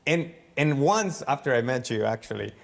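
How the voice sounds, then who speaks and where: Animated man in a reverberant room. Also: medium pitch, moderate pace, vocal fry. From United States. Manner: animated, acts out quoted dialogue. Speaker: foreign resident interviewed in a clip. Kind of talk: casual conversation.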